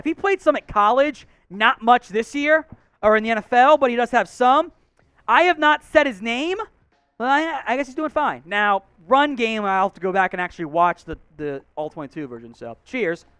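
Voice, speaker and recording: A man hosting a live sports watch-along, calling plays with excited bursts between chatty asides. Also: extremely high pitch, normal speed, clean tone. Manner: excited play-by-play calls mixed with chatty asides. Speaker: host.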